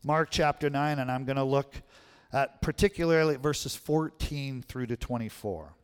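A man's voice: medium pitch, moderate pace, smooth, in a large hall. A male pastor giving a sermon in a conversational way, often checking in with the congregation. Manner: conversational preaching, frequent "right?" check-ins. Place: church sanctuary.

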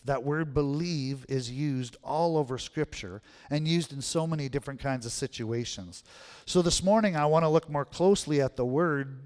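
A man's voice: medium pitch, darkish tone, big-room sound. A male pastor giving a sermon in a conversational way, often checking in with the congregation. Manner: conversational preaching, frequent "right?" check-ins. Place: church sanctuary.

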